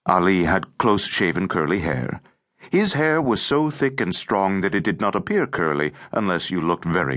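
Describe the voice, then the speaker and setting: A male audiobook narrator with a very low voice that rises and falls a lot. He reads in a measured, expressive way, leaning into the images of the story. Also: no room sound, clean studio sound. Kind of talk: scripted narration.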